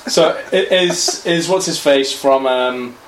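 A man's voice: on the high side, takes it slowly. A man with a blunt, crude, provocative way of talking, in casual banter. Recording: echoey room, off-mic, noisy.

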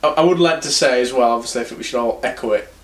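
A man's voice: medium pitch, very fast, reverberant. A man hosting a podcast, talking casually, rambling through anecdotes and swearing freely. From England. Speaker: podcast host. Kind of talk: casual chat.

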